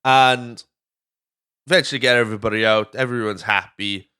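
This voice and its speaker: A man's voice: medium pitch, steady tone, moderate pace, bright, forceful tone, smooth. A Welsh man hosting a podcast, chatting casually through a movie recap, swearing freely and drifting off on tangents. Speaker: podcast host.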